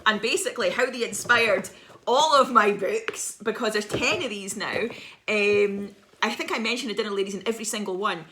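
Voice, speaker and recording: A woman's voice: medium pitch, normal speed, sharp tone, slight background noise. A woman in her thirties, a visiting children's author, telling a playful, dramatic story to schoolchildren over a video message.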